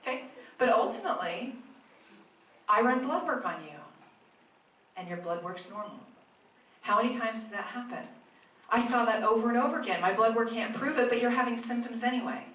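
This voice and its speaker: A woman's voice: on the high side, animated, moderate pace, long pauses, fairly bright tone. A woman who works as a health practitioner, giving a talk to a live audience in a chatty storytelling way with asides to her listeners. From Arizona, US. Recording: echoey room, mic at a distance, faint noise.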